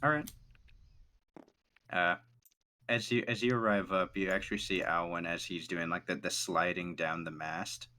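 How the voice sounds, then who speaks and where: Male game master, very low bright voice, casual halting narration. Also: steady tone. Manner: casual, halting, voices characters in brief quotes.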